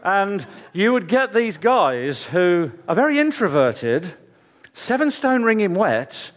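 A man's voice: high voice, very animated, slow pace. A man preaching a sermon in church, telling chatty, jokey stories with asides to the congregation.

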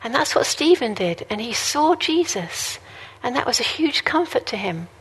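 A woman's voice: on the high side, big pitch swings, normal speed, fairly bright tone, slightly rough. A woman preaching a sermon in an earnest, conversational way, mixing in personal stories. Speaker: guest preacher.

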